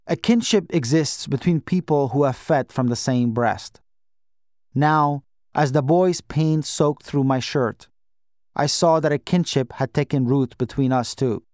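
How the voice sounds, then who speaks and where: A man reading an audiobook in a measured, gentle first-person style. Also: mid-range voice, dry recording, clean studio sound. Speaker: audiobook narrator.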